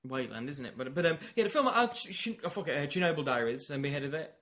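A man's voice: a little high, animated, quick pace, a bit bright. A man hosting a casual film chat, rambling through points and laughing often. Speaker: film podcast host.

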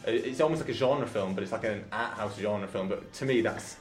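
A man's voice: fairly low pitch, fairly quick, echoey room, soft background music. A man in a casual film chat, agreeable and enthusiastic. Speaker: film podcast panelist.

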